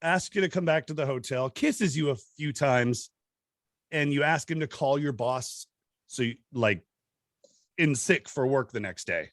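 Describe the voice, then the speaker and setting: A middle-aged man hosting a podcast, telling stories in a casual, animated way and laughing often. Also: measured pace, no room sound, studio quality. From Southern California. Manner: animated, laughs often, acts out quotes in high voices. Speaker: podcast host. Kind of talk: casual storytelling chat.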